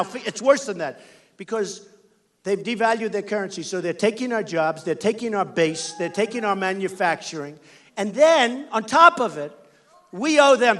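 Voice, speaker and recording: High-voiced American man giving a rally speech. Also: fairly bright tone. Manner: emphatic, repetitive, punchy. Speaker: political candidate. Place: large indoor rally venue.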